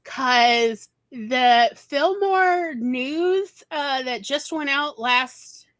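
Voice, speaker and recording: A woman's voice: sits high, very slow, a bit bright, no room sound, rough recording. A woman hosting a casual chat, talking eagerly with lots of fillers. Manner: chatty, enthusiastic, many fillers. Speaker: host, writer.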